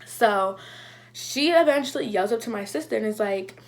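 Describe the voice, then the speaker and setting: A woman's voice: fairly high pitch, moderate pace. Chatty young woman telling a story. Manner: animated, heavy use of "like", acts out quotes. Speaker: vlogger. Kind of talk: casual storytime.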